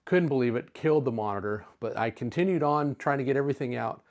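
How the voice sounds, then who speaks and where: Brief: a man in his fifties, chatty tech vlogger, mid-pitched, relaxed storyteller. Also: fast talker. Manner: chatty, easygoing, with filler words. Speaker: retro computer YouTuber. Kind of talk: casual storytelling to camera.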